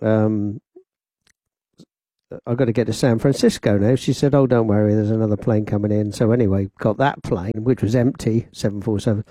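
A man's voice: fairly low pitch, fairly even intonation, normal speed, warm tone, no echo. A man presenting a radio show from the studio, telling a rambling personal anecdote in a chatty way. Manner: chatty, rambling anecdotes with laughs and quoted voices. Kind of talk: casual radio storytelling. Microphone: studio microphone with headphones.

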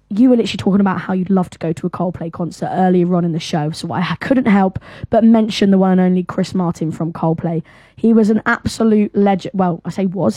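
A young woman co-hosting a live radio show, chatting enthusiastically and dropping into softer asides. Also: medium pitch, no echo. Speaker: radio co-host. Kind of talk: casual radio chat.

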